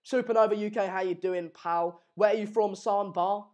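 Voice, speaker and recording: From a room in his Madrid home, a young man from England runs a live football watchalong, reading viewer comments and bantering. His high-pitched voice is steady and darkish at a moderate pace, full of rambling fillers and restarts.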